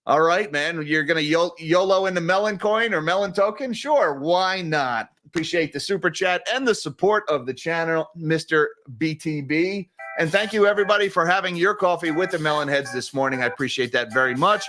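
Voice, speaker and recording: A man hosting a live-streamed market commentary show, his voice pitched a little high and very bright, edging toward sharp. He speaks in a casual, opinionated way and addresses his audience directly. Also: moderate pace, few pauses, soft background music. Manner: casual, opinionated, talks straight to viewers. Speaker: host of a finance news channel.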